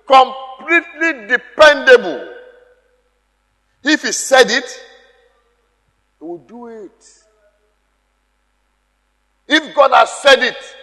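High-voiced man preaching in an echoey hall. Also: sharp tone. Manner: emphatic, repeats key phrases, calls out to the congregation. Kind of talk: sermon.

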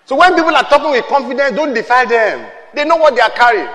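High-voiced preacher in a reverberant hall. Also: male voice, animated, fast talker. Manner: emphatic preaching, shouted peaks, call-and-response. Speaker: pastor. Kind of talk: sermon.

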